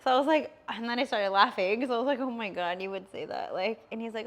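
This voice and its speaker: A woman's voice: on the high side, fast talker, hardly any pauses. A woman in her thirties telling a personal story on a casual podcast, rambling along with lots of fillers and easy laughter. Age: 30s.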